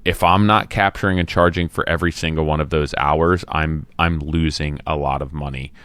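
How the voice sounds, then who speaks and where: A man's voice: a bass voice, fairly even intonation, normal speed, a bit bright, no echo. A man co-hosting a business podcast, giving earnest advice in casual chat. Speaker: podcast co-host.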